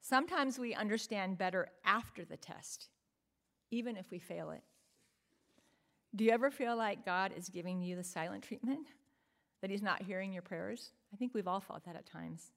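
A woman's voice: medium pitch, moderate pace, gravelly, a bit bright. A woman preaching a sermon in an earnest, emphatic way, often asking the listeners rhetorical questions.

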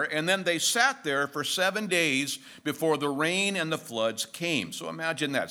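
A man's voice: a little high, sharp tone. A middle-aged male pastor giving an expository sermon in a conversational way, mixing jokes and stories into the teaching.

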